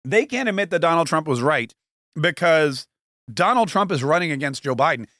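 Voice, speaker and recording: A man's voice: a little high, lively intonation, moderate pace, bright, forceful tone, dry recording, studio quality. A man hosting a political commentary podcast. He talks in a sarcastic, rambling way and keeps dropping in jokey asides. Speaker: podcast host.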